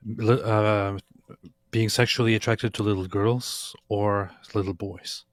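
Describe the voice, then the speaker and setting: Male stream guest, low-ish voice, wry and dry, dead room. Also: steady tone, slow pace, no room sound. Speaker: co-host guest. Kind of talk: casual live-stream chat.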